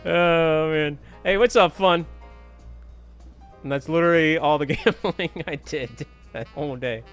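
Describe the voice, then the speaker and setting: A man's voice: fairly high pitch, measured pace, a bit bright, faint music behind. A man chatting casually with viewers during a live stream, telling stories and humming to himself.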